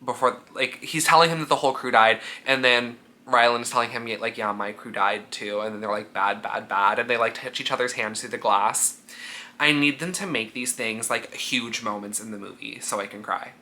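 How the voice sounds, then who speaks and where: A man chatting casually in a book vlog, animated and sweary, full of fillers and gushing with emotion. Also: mid-range voice, fairly quick. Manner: emotionally gushing, near tears. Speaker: book vlogger. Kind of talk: casual reading vlog chat.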